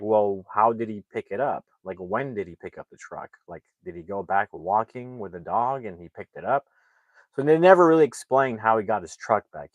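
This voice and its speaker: Male reviewer, lowish voice, dry close recording; loose, rambling plot recap full of fillers. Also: no echo. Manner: rambling, many fillers and restarts. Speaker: movie reviewer.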